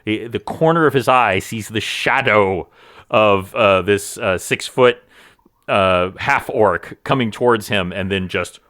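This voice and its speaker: A man's voice: lowish voice, a little slow, a bit bright, dry recording, studio quality. A man narrating a tabletop game as game master, with many fillers.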